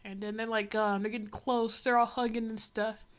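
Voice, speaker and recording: A woman with a slightly high voice talks through a comic on a casual livestream. Her commentary rambles and stays wry, with plenty of "like" and "uh" along the way. She reacts as she reads rather than following a script. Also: level tone, normal speed. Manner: rambling, wry running commentary with many fillers. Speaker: livestreamer reading a comic aloud.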